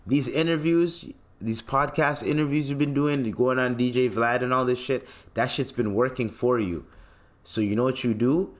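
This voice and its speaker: A man's voice: mid-range voice, normal speed. A man hosting a podcast, ranting in a blunt, profane, mocking way as he gives casual commentary. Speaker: podcast host.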